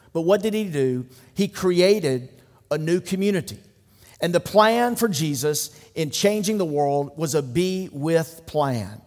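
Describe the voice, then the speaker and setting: A middle-aged man preaches from a church pulpit, his voice sitting a bit high for a man. He talks in a relaxed, conversational way, dropping jokes and quick asides into the sermon. The sound rings out in the long reverb of a church hall. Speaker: pastor.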